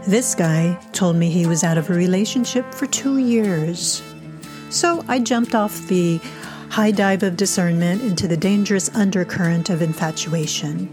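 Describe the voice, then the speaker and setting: A woman from the United States hosts a podcast, delivering a scripted funny tale with wry, self-deprecating humor. Her fairly low voice keeps a moderate pace over background music.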